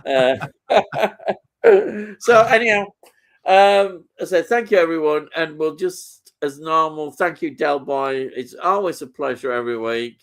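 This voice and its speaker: Man, higher voice, unhurried, reading chat comments, lots of ums. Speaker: co-host reading viewer comments. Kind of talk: casual live-stream chat.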